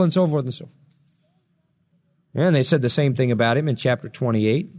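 A man's voice: medium pitch, fairly quick, pauses often, a little mellow, long reverb tail. A man preaching a sermon, acting out quoted lines with a raised voice between plain explanation. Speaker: pastor.

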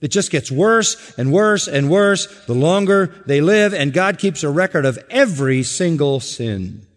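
A man preaching an expository sermon as pastor, driving points home by repeating them and swinging between loud emphasis and hushed asides. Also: on the high side, expressive, unhurried. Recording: long hall reverb.

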